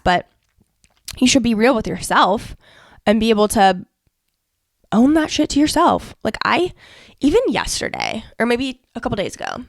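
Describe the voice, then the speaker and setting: A woman's voice: medium pitch, dry recording, studio quality. Frank, profane woman podcast host. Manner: frank and profane, peppered with "like" and "okay". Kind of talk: casual motivational podcast monologue.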